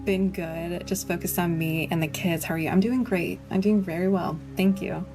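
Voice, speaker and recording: A woman's voice: fairly low pitch, steady tone, moderate pace. A woman hosting a live Reiki session, chatting casually and rambling as she answers viewers, laughing often. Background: soft background music.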